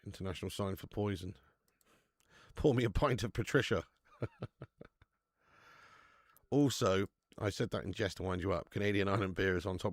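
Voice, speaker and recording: A man's voice: sits low, moderate pace, pauses often, no echo, studio quality. A man with a British English accent hosting a live football watch-along, bantering, swearing and reading out viewer chat. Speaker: host.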